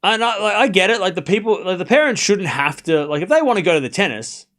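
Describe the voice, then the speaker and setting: Slightly high-voiced and bouncing in delivery, this lively male streamer calls points and banters with his chat. He's the host of a live tennis watchalong stream, offering casual commentary and chat, aimed straight at his viewers with quick asides and restarts.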